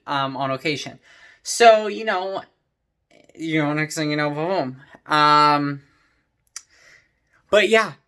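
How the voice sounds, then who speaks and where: A man's voice: on the high side, sharp tone. A young man telling a rambling story in a casual vlog, full of "like" and "you know". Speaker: vlogger.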